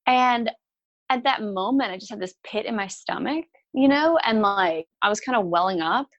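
A woman guest telling a candid story from her working life in an easygoing conversational way. Her delivery is animated, and she slips into livelier voices when quoting others. Her speech is sprinkled with "like" and "you know". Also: mid-range voice, a little fast, highs cut off. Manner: animated, acts out quoted people with raised voice; frequent "like" and "you know" fillers.

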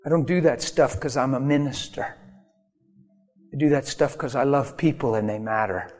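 A man's voice: mid-range voice, moderate pace, a little mellow. A man preaching a sermon, telling stories in an emphatic way that rises to sudden bursts. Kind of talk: sermon storytelling. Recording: long hall reverb with faint music.

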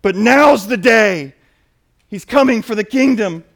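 A man's voice: sits high, lively intonation, a little slow, creaky, fairly bright tone. A man preaching a sermon and reading scripture, emphatic, often putting questions to his listeners. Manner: emphatic, asks the audience questions.

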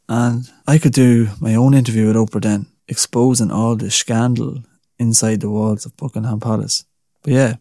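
A man's voice: lowish voice, creaky, dark tone, no echo, studio quality. A young man hosting a casual solo podcast, rambling, swearing and laughing at his own story. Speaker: podcast host.

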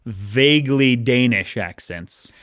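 A man co-hosting a podcast as an author, telling stories in an animated way and laughing easily. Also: mid-range voice, slow, dry recording, clean studio sound. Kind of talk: casual chat.

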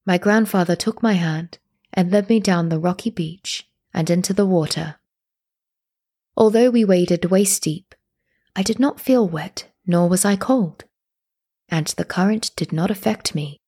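Husky woman narrating a story. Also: on the low side, measured pace, mellow. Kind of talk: first-person audiobook narration.

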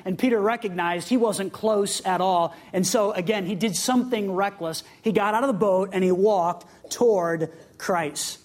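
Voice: mid-range voice, normal speed, few pauses, darkish tone. A preacher giving a sermon, reading scripture aloud and breaking into humorous asides and direct questions to the listeners. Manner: conversational, with humorous asides and laughs; asks the audience direct questions.

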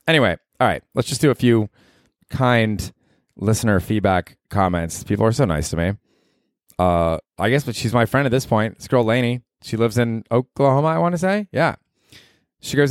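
A man with a lowish voice rambles through a casual comedy podcast monologue, swearing freely as he goes. His voice is recorded close and dry. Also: animated, normal speed, no room sound. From Tampa area, Florida.

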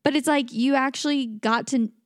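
Lady podcast cohost, chatty, acts out little quotes, pretty high voice, dry close mic. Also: fairly even intonation, moderate pace, no echo. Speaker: podcast co-host. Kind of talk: casual chat.

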